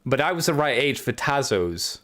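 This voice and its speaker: A man with a middle-range voice talks casually on a podcast. He recalls details haltingly, repeating words and restarting his sentences as he goes. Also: mid-range voice, sing-song, pushed and bright. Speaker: podcast co-host. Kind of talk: casual chat.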